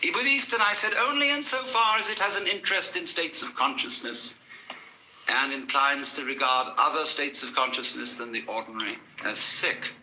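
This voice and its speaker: A man's voice: on the high side, expressive, moderate pace, bright, forceful tone, reverberant, slight background noise, rough recording. A man giving a public lecture to a live audience, telling stories in a wry manner with dry asides.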